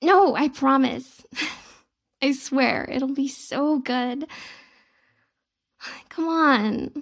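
Giggly, teasing young woman, high fry. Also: drawn-out words. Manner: playfully bratty and coy. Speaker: audio role-play performer. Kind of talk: intimate audio role-play.

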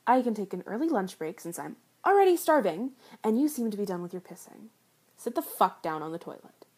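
A young woman voicing a teasing, foul-mouthed young fast-food worker in an adult audio role-play, often dropping into a breathy whisper. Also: medium pitch, animated, dark tone, full character voice. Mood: irritated. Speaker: voice actor.

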